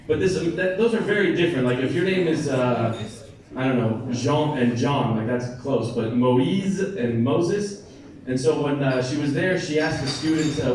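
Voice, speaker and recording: An American man does a stand-up set at a bar comedy night, chatting with and teasing the crowd. His voice is medium-pitched and a little mellow, at a normal speed. The mic picks him up from a distance in an echoey room, with the crowd laughing.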